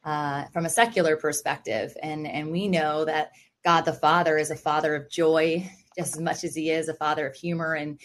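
A woman hosting a podcast speaks in a lower-pitched voice, reflective and faith-centered. She reacts warmly and laughs often during casual chat with her guest. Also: flat delivery, normal speed. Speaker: podcast host.

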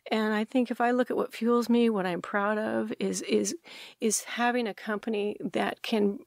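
A woman who founded a restaurant company, telling animated stories in an interview, acting out quotes and restarting sentences. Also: medium pitch, moderate pace, gravelly, dry recording, clean studio sound. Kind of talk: conversational storytelling interview.

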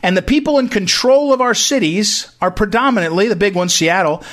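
A man with a notably high-pitched voice hosts a talk show, delivering political commentary as a monologue. He talks emphatically, hammers points through repetition and often breaks off to restart his sentences. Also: fairly quick, a bit bright.

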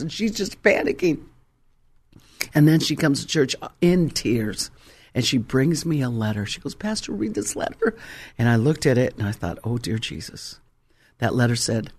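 A middle-aged male pastor preaching a sermon, telling a story with dramatic swings between hushed and loud delivery. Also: on the high side, slightly rough.

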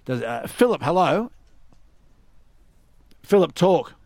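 A man's voice: fairly high pitch, sing-song, takes it slowly, vocal fry, a little mellow, no echo, clean studio sound. An Australian man hosting a radio show, telling stories in casual banter and hammering his points with repeats. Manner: storytelling, emphatic repeats. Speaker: radio host.

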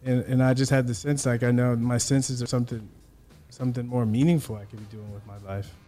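A man's voice: medium pitch, level tone, brisk, mellow, faint music behind. A man who once played pro sports, talking reflectively and earnestly as a podcast guest. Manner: reflective, earnest, searching for words. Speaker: podcast guest, former athlete. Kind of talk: reflective interview talk.

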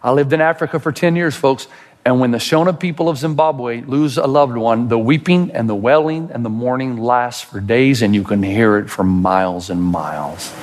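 A man delivers a sermon as a pastor, dramatic in style, swelling into loud, high-pitched outbursts before sinking into slow, hushed passages. The setting is a large hall.

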